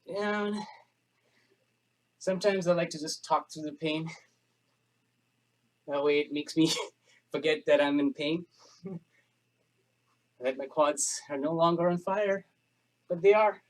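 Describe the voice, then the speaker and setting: A man's voice: on the high side, slow, long pauses. A man leading a workout class, panting from the exercise and chatting and joking through the effort. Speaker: fitness instructor. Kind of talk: home workout class instruction.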